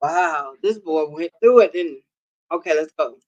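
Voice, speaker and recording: A man hosting a live show, reacting to a clip with slow, musing asides. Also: fairly high pitch, lo-fi sound.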